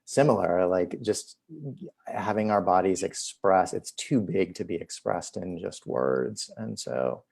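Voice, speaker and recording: Gravelly-voiced man, chatty physician. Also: sits low, measured pace, darkish tone. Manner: chatty, many "like" fillers. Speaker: physician and host. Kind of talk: casual conversational storytelling.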